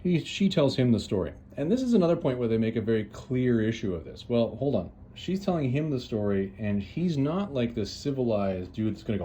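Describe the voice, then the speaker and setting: A man with a lowish, mellow, warm voice walks through a story in a relaxed, chatty way. He talks loosely, dropping in "uh"s and restarting sentences as he goes. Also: moderate pace, slight background noise. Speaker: comics reviewer, host. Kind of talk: casual retelling of a story.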